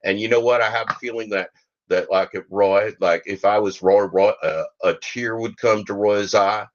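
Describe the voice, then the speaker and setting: A man's voice: on the low side, steady tone, normal speed, highs cut off. A middle-aged man hosting a podcast, rambling and joking in folksy grammar. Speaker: podcast host. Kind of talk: rambling comic monologue.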